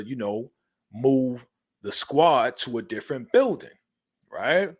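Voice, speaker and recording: A man's voice: mid-range voice, animated, measured pace, breathy edge. A man hosting a casual TV episode recap, talking in slang and acting out the characters' lines as he retells each scene. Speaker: TV show recap host.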